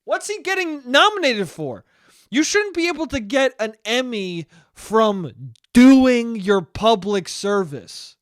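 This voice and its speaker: A man hosting a solo comedy podcast, rambling along with plenty of swearing and jokes at his own expense. His voice is high and smooth, and the sound is dry and close-miked. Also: very animated, slow pace, dry recording. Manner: rambling, profane, self-deprecating. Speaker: podcast host. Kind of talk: casual comedic monologue.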